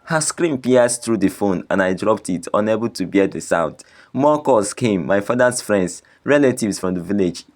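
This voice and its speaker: A man with a very deep voice tells a first-person tragedy as scripted narration. His delivery stays grave and sorrowful throughout. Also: expressive, moderate pace, darkish tone. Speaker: storyteller.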